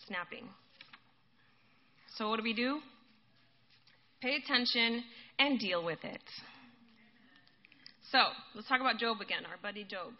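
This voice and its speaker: A woman's voice: mid-range voice, moderate pace, pauses often. A woman giving a casual sermon, talking conversationally to her listeners and calling them guys. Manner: conversational, addresses listeners as guys, laughs often. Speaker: preacher. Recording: dull lo-fi recording.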